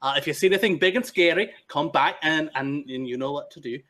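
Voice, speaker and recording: A man's voice: a little high, quick pace, bright, forceful tone, pitched above the performer's own voice. A man voicing an eager, talkative young male wanderer who jabbers constantly.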